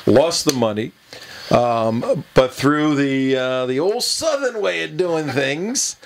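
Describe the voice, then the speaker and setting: A man's voice: medium pitch, animated, slow, vocal fry. A man hosting a political talk radio show, telling a long rambling story with many fillers and chuckles.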